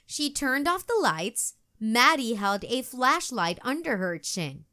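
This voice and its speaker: Children's read-aloud narrator, woman; gentle, expressive, lively melody. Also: on the high side, slow pace. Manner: gentle, expressive, sing-song. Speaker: children's book reader.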